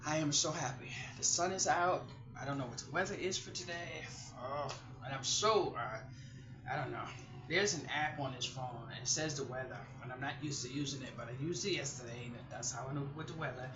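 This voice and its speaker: A woman's voice: a bass voice, fairly quick. Chatty woman vlogger, roomy sound. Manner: chatty, rambling, animated storytelling. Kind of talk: casual chat to viewers. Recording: roomy and slightly muffled.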